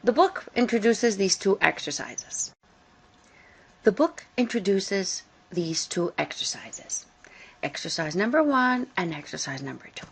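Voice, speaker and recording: A woman teaching English grammar in a recorded lesson, speaking deliberately and repeating key words for emphasis. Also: mid-range voice, very animated, husky.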